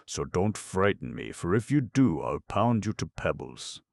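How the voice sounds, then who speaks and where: A man voicing a big, gruff, blustering male lion with a husky roar in an audiobook. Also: low voice, sing-song, a little slow, darkish tone, voice pushed up, full character voice. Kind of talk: audiobook narration.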